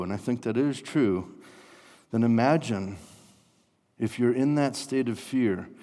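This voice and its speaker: A man preaching a sermon, animated, acting out panicked inner voices. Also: lowish voice. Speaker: pastor. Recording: long reverb of a large hall.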